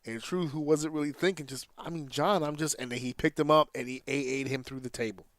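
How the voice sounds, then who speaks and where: A man's voice: medium pitch, fast talker, no echo. A man hosting a casual podcast, talking in an opinionated, rambling way and swearing freely. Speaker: podcast host.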